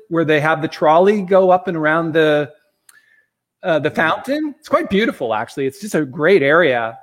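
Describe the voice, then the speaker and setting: Middle-aged man, guest on a talk show, lively storyteller, slightly high voice. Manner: animated storyteller, acts out quotes.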